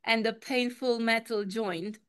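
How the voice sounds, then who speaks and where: A woman coach leading a guided meditation over a video call, with calm, repetitive, step-by-step instructions. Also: on the high side, a little slow, clear, resonant tone. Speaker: quantum coach and healer, guest speaker. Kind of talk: guided meditation in an online talk.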